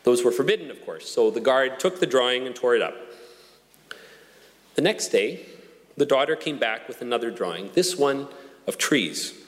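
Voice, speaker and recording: Earnest preacher in a reverberant hall. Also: male voice, medium pitch, animated. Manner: measured, earnest preaching with slow emphatic pauses. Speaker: pastor. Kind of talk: sermon.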